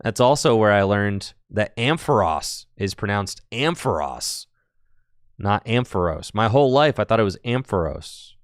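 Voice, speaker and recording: A man's voice: on the low side, animated, moderate pace, clean tone, no room sound, clean studio sound. A man casually commentating a card game tournament on a live stream, chatty and playful, laughing often and answering the chat.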